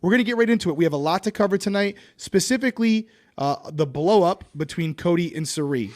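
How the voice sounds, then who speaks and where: A man in his thirties hosting a podcast, chatting in a relaxed, joking way and reading a sponsor spot. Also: high-pitched, quick pace. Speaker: podcast host. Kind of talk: casual podcast chat with sponsor read.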